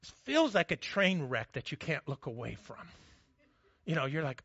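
Male pastor, conversational sermon with self-mocking humor, bright forceful tone. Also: on the high side, sing-song, moderate pace, pauses often, slightly rough, no echo, muffled recording.

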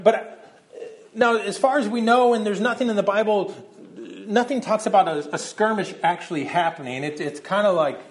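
Conversational man preaching a sermon. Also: sits high. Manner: conversational, repeats words when starting sentences. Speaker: pastor.

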